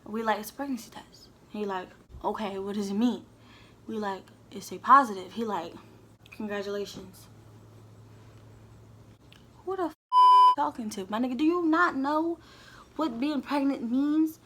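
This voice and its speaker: A woman's voice: a little high, normal speed, long pauses, background noise. A young woman telling a candid, heated storytime straight to her viewers. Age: young adult. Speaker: vlogger. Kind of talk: storytime vlog.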